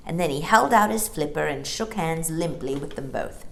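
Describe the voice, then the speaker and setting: A woman reading a children's storybook aloud as a storyteller, expressive and lilting. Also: low voice, normal speed, gravelly, few pauses.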